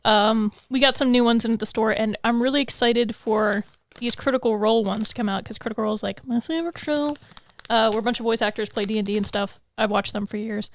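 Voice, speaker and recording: A woman's voice: a little high, fairly even intonation, quick pace. Chatty, laughing woman podcast host. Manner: chatty, laughs often, rambling. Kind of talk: casual podcast chat. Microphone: podcast mic on a stand.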